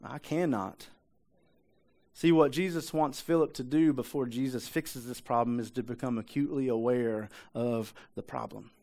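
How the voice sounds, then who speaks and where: A man's voice: mid-range voice, fairly even intonation, normal speed, few pauses, dark tone. Preacher repeating his points. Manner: repetitive emphasis, rhetorical questions. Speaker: pastor. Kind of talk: conversational sermon.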